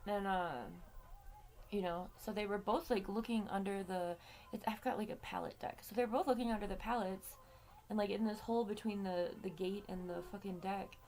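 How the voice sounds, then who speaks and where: A woman's voice: medium pitch, fairly even intonation, normal speed, darkish tone, slight background noise. A woman hosting her own vlog, telling a personal story in a casual, rambling way with frequent swearing and fillers. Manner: chatty, swears freely, many fillers. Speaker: vlog host.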